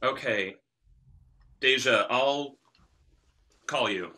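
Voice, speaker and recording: A man's voice: medium pitch, drawn-out words, very noisy. An actor playing a defensive young man who answers in blunt, clipped retorts in a short drama. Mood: awkward.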